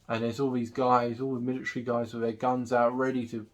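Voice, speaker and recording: A man's voice: mid-range voice, level tone, brisk, muffled recording. Rambling man recapping a movie. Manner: rambling recap with many fillers. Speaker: film reviewer. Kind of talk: casual movie review.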